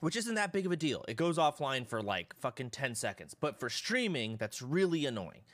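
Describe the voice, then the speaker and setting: Male streamer, casual chat, swearing a lot, rambling story, mid-pitched voice. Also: normal speed. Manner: rambling, profane, animated storytelling. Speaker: live streamer.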